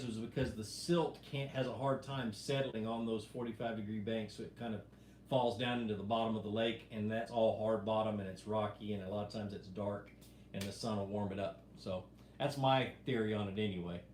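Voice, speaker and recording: A middle-aged man chats casually through a live stream, reading out viewer questions and rambling through his answers. His voice sits in a roomy, echoing space with a faint steady hum behind it. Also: on the low side, fairly quick. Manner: relaxed, rambling, reads viewer questions aloud. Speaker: fishing show host answering live chat. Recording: echoey room with faint background hum.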